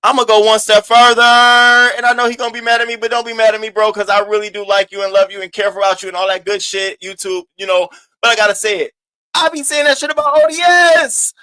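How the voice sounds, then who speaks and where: A man hosting a casual gossip commentary, animated and profane, swinging between loud outbursts and low asides. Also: clear, resonant tone, no echo. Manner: sassy, drawn-out emphasis. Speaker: host of a commentary channel.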